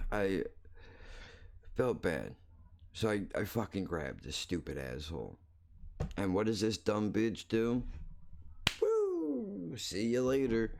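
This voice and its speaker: A man's voice: low-pitched, darkish tone. A man hosting his own show, telling a story in a blunt, crude, rambling way, full of profanity and restarts. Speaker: podcast host.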